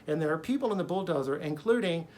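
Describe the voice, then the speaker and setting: A man's voice: fairly high pitch, lively intonation, fast, darkish tone. A man casually retelling a dream in a rambling, conversational way, with lots of fillers and blunt swearing. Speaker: video creator recounting a dream.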